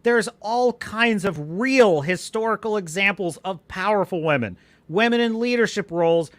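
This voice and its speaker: A man hosting a live-stream podcast, delivering a scornful, animated rant with bursts of laughter and reading viewer comments aloud. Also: sits high, moderate pace, no echo. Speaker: podcast host.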